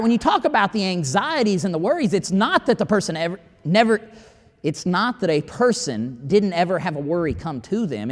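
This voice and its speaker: A man preaching a sermon in a folksy, conversational way, quoting scripture. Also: sits high. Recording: hall reverb.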